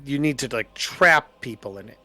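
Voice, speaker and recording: Bright, animated man at a game table. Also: medium pitch, normal speed, no room sound. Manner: thinks aloud with many fillers. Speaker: player.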